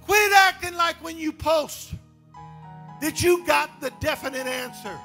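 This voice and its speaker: A man preaching a sermon in a church, with shouted, sing-song calls out to the congregation. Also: extremely high pitch, measured pace, vocal fry, faint music behind. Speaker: pastor. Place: church sanctuary.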